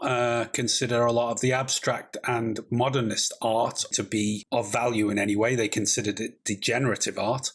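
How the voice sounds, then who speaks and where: Host: husky man, casual and enthusiastic film chat, swears freely. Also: mid-range voice. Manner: loose and enthusiastic, swears, chatty. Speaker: podcast host.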